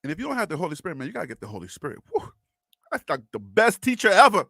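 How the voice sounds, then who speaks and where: Rapid-fire and creaky, this high-voiced Southern host from North Carolina runs a casual live sports stream, his bright, forceful tone aimed straight at chat. He laughs frequently and repeats himself, the audio close and dry with no room sound.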